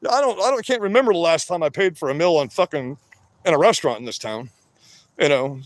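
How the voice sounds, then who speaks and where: A man livestreaming from his work shed on a phone, talking loud, rambling and profane, wired on energy drinks, so that he always sounds like he is yelling. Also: fairly high pitch, lively intonation, quick pace, dry recording. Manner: loud, rambling and profane, with many "you know"s. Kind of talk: livestream rant.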